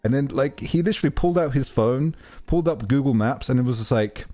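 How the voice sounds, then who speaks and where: A man's voice: medium pitch, fast, warm tone, faint music behind. A man streaming casually, telling a rambling story full of fillers and self-corrections. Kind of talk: casual livestream chat.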